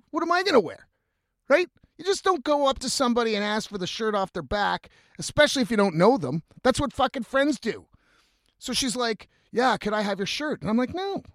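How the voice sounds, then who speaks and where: A man with a slightly high voice tells a long, rambling story, full of swearing. His delivery is casual and animated. The sound is dry and close, with no room echo. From Canada.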